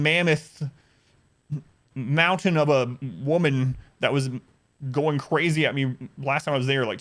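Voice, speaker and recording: A male streamer with a slightly higher voice than most men, telling a story in a casual, animated way. He sounds exasperated and acts out other people in a raised voice. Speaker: livestreamer.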